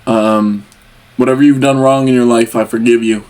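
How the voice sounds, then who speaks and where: A man's voice: mid-range voice, steady tone, normal speed, a little mellow. Rambling young man reacting to music. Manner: rambling, chatty, addresses the artist as brother. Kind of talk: casual chat.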